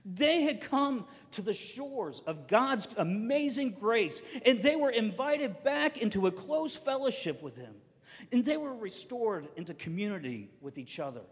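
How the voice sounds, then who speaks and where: A man preaching a sermon as a pastor, telling stories and swinging between loud emphatic lines and soft quiet ones. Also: high-pitched, big pitch swings, measured pace, long reverb tail.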